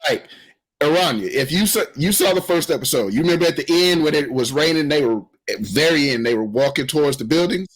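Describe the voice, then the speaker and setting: A man co-hosting a podcast in casual chat, retelling scenes in an animated way and laughing often. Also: a little high, fast. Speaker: podcast co-host.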